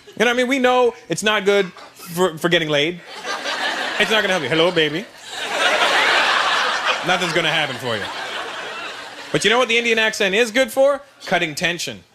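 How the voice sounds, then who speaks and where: A man's voice: sits high, very animated, brisk. A male stand-up comedian, brash and teasing the crowd, on a noisy live stage recording.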